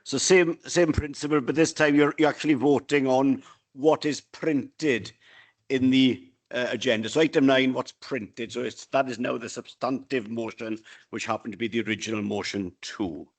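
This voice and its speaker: Male council officer, procedural roll-call delivery, brisk. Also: mid-range voice, fairly even intonation. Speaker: council officer running the vote.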